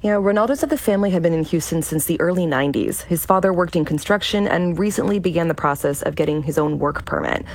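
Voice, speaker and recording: A woman radio reporter giving a measured, factual news report. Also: on the low side.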